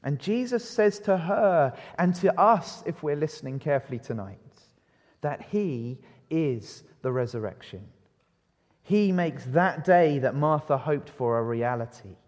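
Male preacher, fairly high voice, evening sermon, lots of rhetorical questions, long reverb. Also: unhurried. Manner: asks the congregation rhetorical questions; lively, varies pace and loudness for emphasis. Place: church. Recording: long reverb of a church hall.

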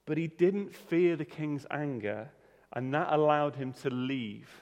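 A man's voice: fairly high pitch, a little slow, a little mellow. A man preaching a sermon in a conversational way, often restarting and repeating words. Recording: reverberant hall.

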